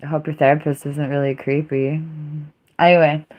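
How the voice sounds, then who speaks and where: A woman with a low-pitched voice talks on a casual livestream. She rambles from thought to thought, mocking herself and breaking into dramatic exclamations. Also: little pitch movement, moderate pace, lo-fi sound.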